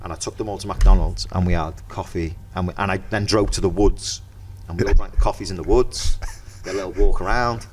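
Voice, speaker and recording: A middle-aged man with a Merseyside accent, a podcast guest in casual chat, telling lively anecdotes and acting out the dialogue. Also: deep voice, fairly quick, hardly any pauses, slight background noise. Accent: Merseyside English. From Merseyside, England.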